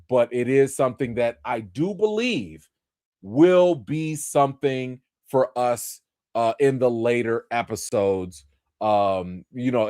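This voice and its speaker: An animated man reviewing a TV episode live, his voice leaping up and down as he explains. He talks casually, with slang and plenty of fillers. The sound is dry and close, with no room around it. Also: mid-range voice, no room sound. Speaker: show reviewer. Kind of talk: livestream review commentary.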